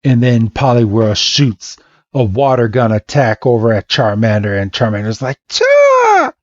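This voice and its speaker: A man hosting a podcast, casually retelling a story and acting out every character in an animated way. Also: medium pitch, moderate pace, dry recording. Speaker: podcast host. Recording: dull lo-fi dry podcast mic.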